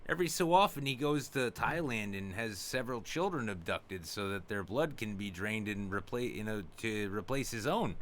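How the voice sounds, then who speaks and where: A man's voice: lowish voice, lively intonation, moderate pace, hardly any pauses, a bit bright. A man hosting a casual late-night podcast chat, joking and rambling. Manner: joking, rambling, breaks into goofy put-on voices. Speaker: podcast host.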